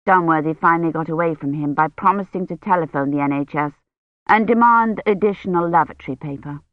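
An audiobook narrator reading a novel at a steady, even pace, with a voice of middling pitch. The recording is muffled, with a dry booth sound and no room echo. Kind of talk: scripted narration.

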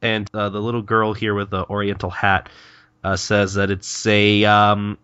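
A man's voice: lowish voice, monotone, unhurried, sharp tone, smooth, no room sound, muffled recording. A male podcast co-host in casual chat, retelling a manga chapter in a chatty, stumbling way with frequent laughter.

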